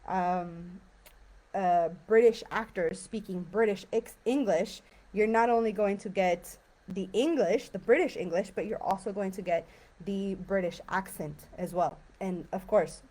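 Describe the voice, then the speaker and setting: A woman's voice: medium pitch, warm tone. A woman teaching an English vocabulary lesson on a livestream, chatty and encouraging with plenty of fillers. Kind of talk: live-streamed language lesson.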